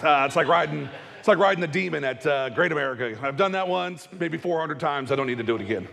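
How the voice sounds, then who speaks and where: A male pastor giving a casual, conversational sermon, chatty with joking asides and quick acted-out voices. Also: sits high, expressive, gravelly, fairly bright tone, big-room sound. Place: church hall.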